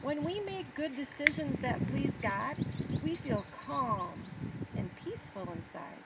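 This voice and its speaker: Gentle wise coach guy, a lady reading him, slow and patient, noisy outside. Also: high-pitched, lively intonation, voice pushed up. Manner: gentle, teaching. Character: kindly male team coach, gentle and wise. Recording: noisy outdoor recording.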